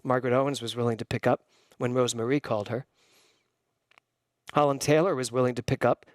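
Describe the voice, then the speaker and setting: A man giving a sermon as minister, preaching emphatically, jumping up in pitch and slowing down to stress key phrases. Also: steady tone, no echo.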